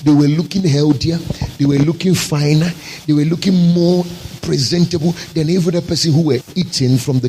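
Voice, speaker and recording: A man's voice: on the high side, darkish tone, a little hiss or hum, rough recording. Emphatic man preaching a sermon. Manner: emphatic, rhetorical preaching with repeated phrases. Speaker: pastor.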